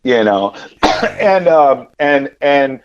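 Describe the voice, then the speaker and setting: A man telling a personal story as a podcast guest, rambling and animated, with lots of fillers and repeated words. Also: medium pitch, very slow, dull audio. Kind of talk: casual storytelling.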